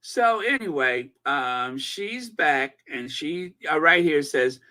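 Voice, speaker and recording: A man hosting a live-stream commentary, reading viewer comments aloud in an animated, gossipy way. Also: a little high, slow, few pauses. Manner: animated and gossipy, breaking into laughter. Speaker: channel host.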